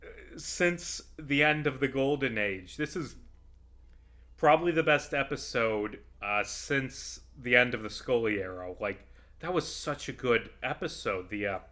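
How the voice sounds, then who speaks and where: A man's voice: medium pitch, animated, unhurried, pushed and bright. A man rambling through casual commentary while playing a video game, swearing freely and swinging into heated rants.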